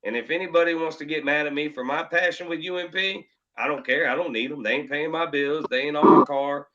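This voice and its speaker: A man's voice: a little high, fairly quick, very noisy. A man who races modifieds, arguing his case with passion and repeating himself for emphasis. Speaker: UMP modified racer. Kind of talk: heated panel debate. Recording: dull lo-fi stream audio.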